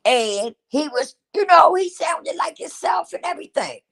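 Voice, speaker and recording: A woman's voice: high-pitched, expressive, normal speed, fairly bright tone. A middle-aged woman hosting her own show, telling a personal story in an emotional, repetitive way and speaking straight to her listeners. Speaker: host.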